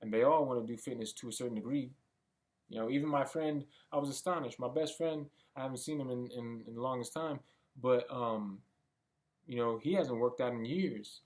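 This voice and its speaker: A young man thinking out loud in a rambling motivational monologue, casual and sometimes swearing. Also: mid-range voice, normal speed. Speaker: vlogger. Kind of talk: motivational self-talk monologue.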